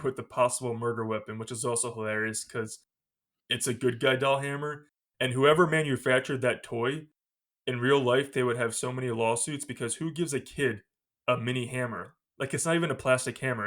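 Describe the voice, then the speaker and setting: A man hosting a podcast, retelling a movie scene by scene in a casual, animated way and laughing often. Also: mid-range voice, fairly quick. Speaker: podcast host.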